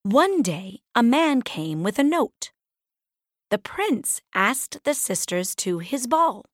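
A woman reading a children's fairy tale aloud, clearly and deliberately. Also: a little high, very animated, no room sound, clean studio sound. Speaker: storybook reader. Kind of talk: slow read-aloud storybook narration.

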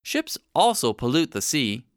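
A man's voice: medium pitch, very animated, measured pace, dry recording, clean studio sound. A man voicing a curious, insistent young girl in a storybook reading.

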